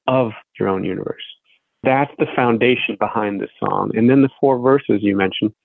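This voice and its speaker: A man's voice: fairly low pitch, no room sound. A male songwriter speaking reflectively in a radio interview, explaining his ideas. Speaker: songwriter guest. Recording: phone-line interview, dry.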